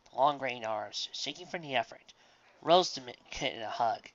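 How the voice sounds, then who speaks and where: A man reads a story aloud in a plain, even way. His voice is bright and forceful. The recording is dull and lo-fi. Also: medium pitch, normal speed. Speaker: reader. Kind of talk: reading fan fiction aloud.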